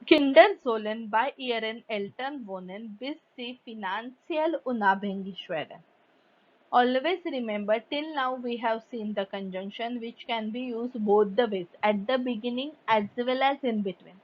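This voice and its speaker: A woman's voice: on the high side, a little slow. A woman teaching a German grammar lesson, reading example sentences and then explaining them carefully in English. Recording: dull lo-fi recording.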